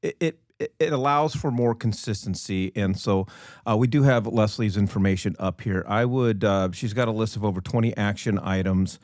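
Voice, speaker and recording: Halting man, low voice, dry mic. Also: darkish tone, no echo. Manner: hesitant, lots of ums and restarts, joking. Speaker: podcast co-host, real estate. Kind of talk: casual podcast chat.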